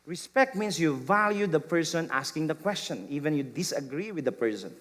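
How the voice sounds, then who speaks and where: A middle-aged man preaching a sermon as pastor, repeating phrases and acting out gentle replies. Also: on the high side, animated, brisk. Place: church sanctuary. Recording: long hall reverb.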